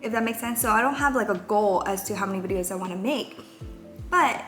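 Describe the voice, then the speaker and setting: A young woman in her twenties talks in a candid, rambling way, filling her pauses with plenty of ums. Her voice sits at an ordinary middle pitch. The room echoes around her, with faint music underneath. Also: a bit bright. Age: 20s. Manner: candid, rambling, many fillers. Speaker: vlogger. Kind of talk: casual confessional vlog. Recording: roomy echo, faint music.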